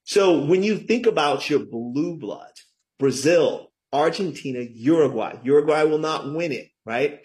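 A man's voice: fairly high pitch, expressive, measured pace, darkish tone. A middle-aged man talking as a guest author in an interview, enthusiastic and often tagging his points with "right?". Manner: enthusiastic, keeps asking "right?". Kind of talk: conversational interview talk.

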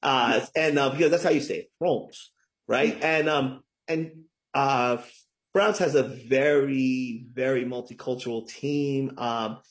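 A middle-aged man talks through a casual interview as a guest, explaining things in an easy, chatty way. He leans hard on key words and keeps checking in with the listener. His voice sits at an ordinary pitch. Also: steady tone, unhurried. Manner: chatty, lots of "right?" tags, emphatic. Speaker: guest, author.

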